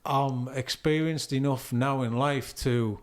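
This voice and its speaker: A man from the North East of England with a Geordie accent hosts a relaxed podcast chat. He rambles a bit, restarting his sentences as he talks things through. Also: mid-range voice, slow pace. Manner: rambling, self-interrupting, chatty. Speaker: podcast host. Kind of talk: casual conversation.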